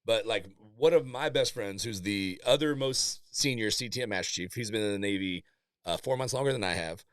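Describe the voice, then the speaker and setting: Man in his forties, low voice, blunt and profane, laughs a lot, dry close mic. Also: fairly quick, no room sound. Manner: candid storytelling, swears freely, laughs often. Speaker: Navy master chief guest. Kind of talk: casual podcast chat.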